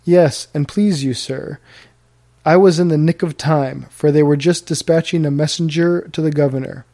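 Man reading as a shy, deferential old-world servant, mellow and a bit high. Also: steady tone, moderate pace, close to an everyday voice. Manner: polite, hesitant, with old-fashioned speech. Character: deferential colonial manservant, awkward and hesitant. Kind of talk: audiobook character reading.

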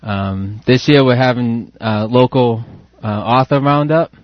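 Male guest, mid-pitched and hesitant, lots of ums, dry lo-fi recording. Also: unhurried, no echo. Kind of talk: casual interview chat. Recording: dull lo-fi sound, dry.

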